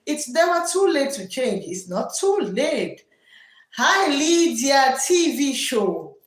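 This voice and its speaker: A woman teacher hosts a live stream and reads viewer comments aloud. She talks slowly in a loud classroom voice, pitched a little high, and repeats her questions over and over. The room around her is echoey. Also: very animated.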